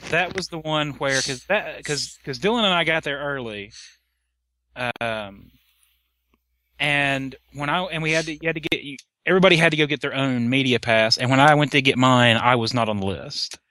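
Guy rambling on a podcast, bright tone, dry close sound. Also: medium pitch, no echo. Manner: rambling, halting, lots of restarts. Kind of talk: casual chat.

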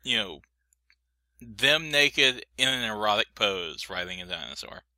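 A man's voice: fairly low pitch, expressive, unhurried, sharp tone, no echo. A man joking in casual podcast chat, dropping wry asides.

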